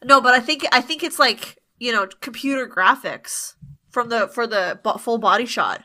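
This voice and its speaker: Bright high-voiced woman podcast co-host. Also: moderate pace. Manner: animated, laughing, blunt opinions. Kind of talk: casual chat.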